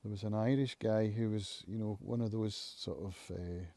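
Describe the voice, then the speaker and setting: A man talks at home in a relaxed, unhurried live-stream monologue. He thinks aloud in a reflective, musing way and often pauses to find his words. His voice is warm and mellow, recorded close and dry. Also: on the low side, no echo. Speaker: channel host, recovering alcoholic.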